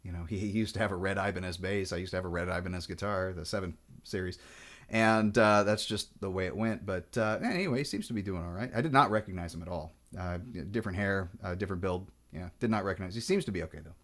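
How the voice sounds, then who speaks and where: A man's voice: deep voice, fast, a bit bright. Chatty rambling man with a Pacific Northwest accent. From Washington State. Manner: chatty, digressive, many restarts and fillers. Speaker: guitar vlogger. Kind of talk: rambling casual chat.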